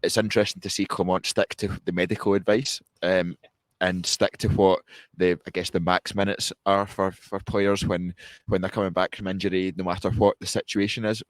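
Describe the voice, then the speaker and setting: A man with a very deep, level voice talks through a football match in a measured, analytical way, often restarting his sentences. His delivery stays flat and even, and the recording is dry and close. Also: no room sound. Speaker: podcast co-host. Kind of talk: post-match football reaction chat.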